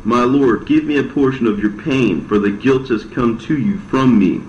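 A man's voice: medium pitch, moderate pace, a little mellow, a little hiss or hum, lightly acted. A man voicing a grieving, remorseful first woman in a storybook reading, pleading, in a roomy, dull recording.

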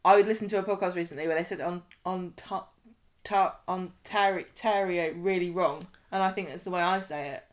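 A woman's voice: fairly low pitch, quick pace. A woman with an English accent co-hosting a casual podcast, reading listener emails aloud with a teasing manner. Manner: playful, teasing. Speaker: podcast co-host.

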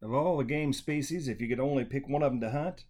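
Host, man, easygoing interviewer, mid-pitched voice. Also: fast, darkish tone. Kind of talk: casual interview.

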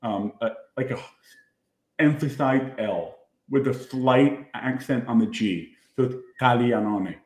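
A man's voice: medium pitch, unhurried, darkish tone. Man explaining things in a roomy echo. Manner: explanatory, corrects others. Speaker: podcast co-host. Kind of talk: casual sports chat.

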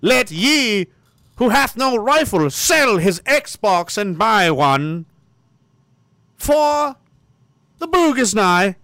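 A man's voice: sits high, big pitch swings, very slow, long pauses, bright, forceful tone, dry recording, studio quality, pitched above the performer's own voice, heavily acted. A man doing a pompous mock preacher. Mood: solemn.

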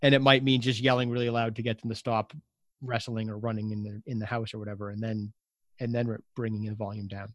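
A man's voice: lowish voice, level tone, fast talker, dry recording, studio quality. A man hosting a podcast interview, thinking aloud and rephrasing his guest's advice in his own words. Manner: thoughtful, summarizes and rephrases the guest's points. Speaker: podcast host. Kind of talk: conversational interview.

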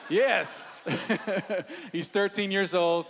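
A man's voice: high-pitched, very slow, fairly bright tone. A man in his forties, a pastor, speaking on a church panel in a joking, self-deprecating but heartfelt way.

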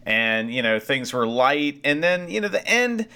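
A man's voice: on the high side, very animated, unhurried, bright, forceful tone, clean tone. A man co-hosting a podcast, rambling through casual wrestling chat and swearing freely. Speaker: podcast co-host.

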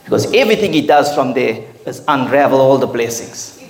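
A man's voice: medium pitch, animated, fairly quick, gravelly. A male pastor preaching a sermon in an emphatic style, driving his points home with rhetorical questions. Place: church hall with congregation. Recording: echoey hall with congregation responding.

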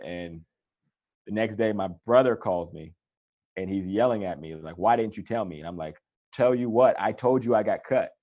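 A man's voice: on the low side, dull audio. A man, a former pro football player, casually telling his career story in an interview, acting out the voices he quotes. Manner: relaxed, animated retelling with quoted voices. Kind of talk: conversational storytelling.

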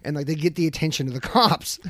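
A man's voice: fairly high pitch, quick pace, a bit bright, no room sound. A man hosting a podcast, telling a rowdy story in casual chat, swearing freely and acting out what people said. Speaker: podcast host.

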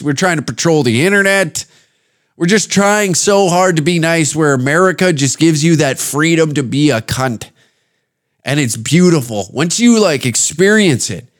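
A man from Canada hosting a podcast, ranting in a crude, rambling comedic way and slipping into put-on voices. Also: a little high. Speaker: podcast host. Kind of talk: casual comedic rant.

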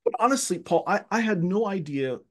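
A man from Egypt, a podcast guest, telling childhood stories in casual conversation, lively and often repeating words as he searches for them. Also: sits high, fairly quick.

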